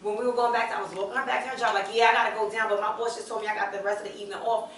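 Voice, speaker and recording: A young woman on a panel, telling an animated story in which she acts out other people's voices and laughs often. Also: mid-range voice, racing, heavy background noise. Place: hotel event hall. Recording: echoey event room, mic picked up from a distance.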